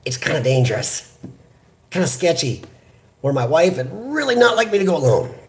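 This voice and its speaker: A man from the United States hosting a casual live chat, talking in an animated, chatty way into a computer webcam. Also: on the high side, moderate pace. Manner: animated, chatty, reads viewer comments aloud. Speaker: livestream host. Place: hospital room.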